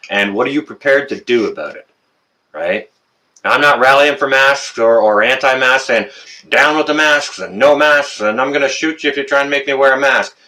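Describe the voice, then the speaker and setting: A man's voice: mid-range voice, pushed and bright, rough recording. A middle-aged Canadian man with a Canadian accent, hosting a casual live stream and chatting through viewer comments with plenty of fillers. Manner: chatty, rambling, many uh fillers.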